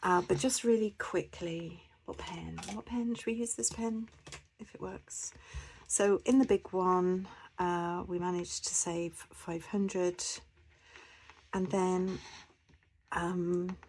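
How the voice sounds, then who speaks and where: Slow, chatty woman vlogger. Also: on the low side, steady tone, darkish tone, a little hiss or hum. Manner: chatty and rambling, with frequent fillers and restarts. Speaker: budgeting vlogger. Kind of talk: casual chat to camera.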